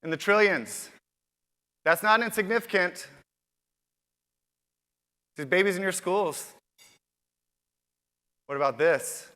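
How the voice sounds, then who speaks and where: A man's voice: high voice, lively intonation, takes it slowly, long pauses, pushed and bright. A man hosting a conference keynote, talking straight to the audience and tossing them questions. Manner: upbeat, addresses the audience directly with questions. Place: large conference hall. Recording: reverberant hall with long echo.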